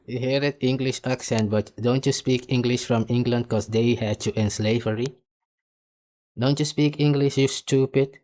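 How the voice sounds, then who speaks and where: A man's voice: mid-range voice, fairly even intonation, moderate pace, a little mellow. A man hosting a reaction video, mocking and arguing heatedly with the clip he plays. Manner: mocking, insulting, argumentative. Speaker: commentary host reacting to clips.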